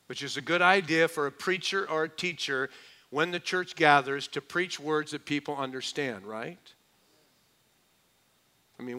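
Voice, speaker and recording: Bright-voiced middle-aged male preacher. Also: fairly high pitch. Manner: conversational, joking asides with mimicked voices. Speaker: pastor. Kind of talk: expository sermon.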